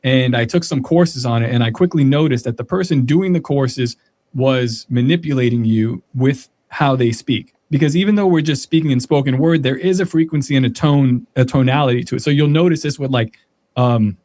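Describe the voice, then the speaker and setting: A man rambles through a casual podcast chat, pausing on "uh" and "like" as he reaches for his point. His voice sits at an ordinary middle pitch. The sound is dry and close, with no room around it. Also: mellow, no room sound. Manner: rambling, searching for words with many fillers. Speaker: podcast guest.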